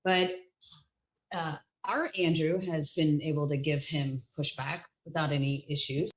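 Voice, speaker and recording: A woman's voice: low voice, fairly even intonation, unhurried, rough recording. A woman talking casually in a rambling, teasing way with many fillers. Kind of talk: casual chat.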